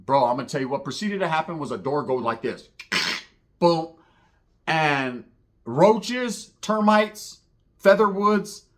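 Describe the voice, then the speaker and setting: A man's voice: on the high side, measured pace. A man telling a profane street story, acting out the voices of the people in it. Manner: profane, animated, acts out other voices.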